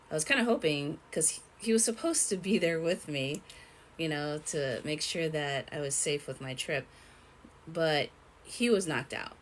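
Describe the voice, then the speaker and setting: A young woman telling a personal story in a rambling, halting way, with many fillers and restarts. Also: low voice, slight background noise, rough recording. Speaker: vlogger.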